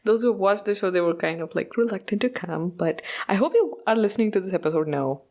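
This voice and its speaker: A woman's voice: medium pitch, expressive, fairly quick, mellow. A woman hosting a podcast, chatting casually about a show, mixing in Hindi and laughing often. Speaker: podcast host.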